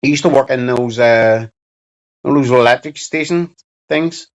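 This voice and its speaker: A man's voice: mid-range voice, unhurried, muffled recording. A man with a Belfast accent chatting casually on a livestream, reading out chat and answering with sweary, mocking banter.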